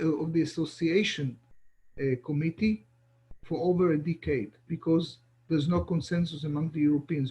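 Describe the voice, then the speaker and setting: A man's voice: high-pitched, a little mellow. A middle-aged man, giving an online lecture as an ambassador, talking with many restarts and repeated words.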